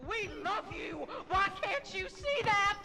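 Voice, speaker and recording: A woman's voice: very high-pitched, lively intonation, slow pace, very noisy, heavily acted. An actress voicing a crazed, furious backwoods mother in a horror video game, screaming and swearing. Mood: unhinged rage.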